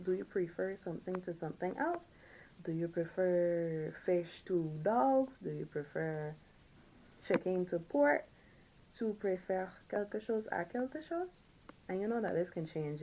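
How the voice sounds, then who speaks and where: A woman from the Caribbean teaching a recorded French lesson, repeating each word slowly and now and then correcting herself. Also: fairly low pitch, mellow, rough recording. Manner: slow, repeats each word several times.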